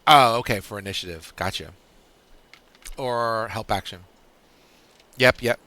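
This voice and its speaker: A man running a tabletop game as game master, pausing often as he works out rulings for the players. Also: fairly low pitch, sharp tone. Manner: halting, full of fillers and restarts while deciding rulings.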